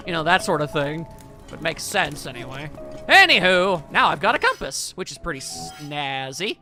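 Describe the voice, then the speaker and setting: A man's voice: high-pitched, lively intonation, fairly quick, pushed and bright, faint music behind. A man giving sarcastic, joking let's play commentary as host of his gaming channel.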